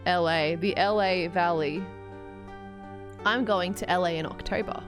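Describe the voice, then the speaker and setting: A woman's voice: lowish voice, fairly even intonation, over music. An Australian woman streaming a game live, chatting in a bubbly, joking way. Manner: bubbly, chatty, quick to joke.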